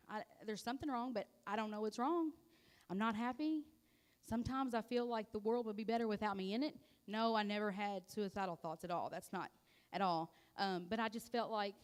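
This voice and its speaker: A woman giving a personal testimony to a church congregation, heartfelt and halting, with frequent pauses and restarts. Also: on the high side, in a large hall. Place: church sanctuary.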